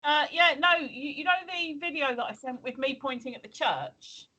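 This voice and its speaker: A woman's voice: high voice, normal speed, pushed and bright, low-quality recording. An English woman in casual chat on a live stream, rambling and hesitant with many ums. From England. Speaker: stream co-host.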